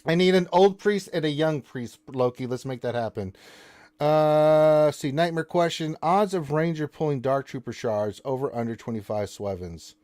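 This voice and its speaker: A man's voice: fairly high pitch, moderate pace, darkish tone. Joking man hosting a live stream. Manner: joking mock-indignant banter with viewers and co-host; reads out and answers chat questions. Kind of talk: casual live stream chat.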